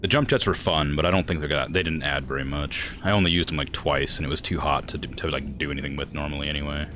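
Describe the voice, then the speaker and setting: A man's voice: a bass voice, steady tone, fast talker, noisy background. A young man streaming a video game, chatting casually, thinking aloud and chuckling as he plays. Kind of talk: casual gameplay chat.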